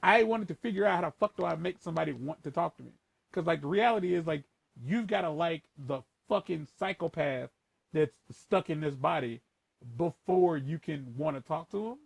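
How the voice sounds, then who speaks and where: A man talking casually and rambling with lots of profanity, shifting between a playful voice and a lower, more formal one. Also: animated, normal speed, creaky, husky, no echo. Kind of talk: casual chat.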